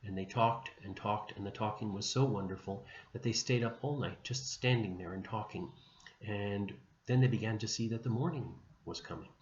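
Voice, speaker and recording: A man teaching religion by retelling a saint's life gently and without hurry, with small restarts along the way. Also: on the low side, moderate pace. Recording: dull, echoey room recording with faint hum.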